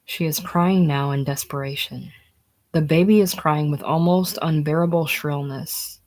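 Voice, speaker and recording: A reader working through a screenplay's stage directions in a casual, unhurried way. The delivery stays plain and sits at a middling pitch. Now and then it sinks into a whisper. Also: fairly even intonation, a little mellow.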